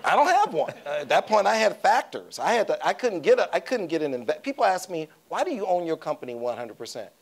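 Animated storytelling man from Detroit. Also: a little high, quick pace, creaky, few pauses. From Detroit, USA. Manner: animated, acts out dialogue, chuckles often. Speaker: media company CEO, interview guest. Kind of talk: storytelling in an onstage fireside chat. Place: conference stage before an audience.

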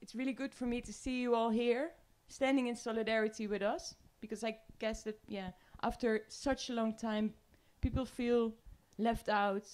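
A woman with a Dutch accent speaking to an audience on a panel, earnest and emotional, with pauses. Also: on the high side, steady tone, a little mellow, smooth. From Netherlands. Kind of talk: emotional public talk. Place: room with audience.

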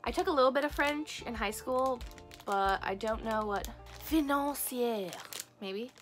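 Bright, gushing young woman unboxing. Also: on the high side, moderate pace, faint music behind. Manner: gushing, excitable, lots of gasps and "so cute". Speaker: craft and squishy channel host. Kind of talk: casual unboxing vlog.

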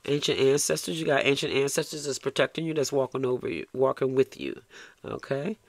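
A man's voice: mid-range voice, expressive, fairly quick. A man giving a tarot reading, blunt and coaxing, swearing freely and ending lines with "okay?". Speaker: tarot reader.

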